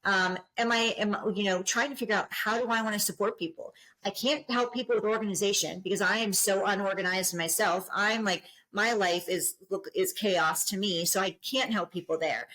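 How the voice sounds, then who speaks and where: A middle-aged woman talks as a podcast guest, earnest and encouraging. She often circles back and restarts her phrases as she thinks aloud. Her voice sits at an ordinary pitch for a woman. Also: moderate pace, hardly any pauses, a bit bright, rough recording. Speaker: guest, business coach. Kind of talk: podcast interview.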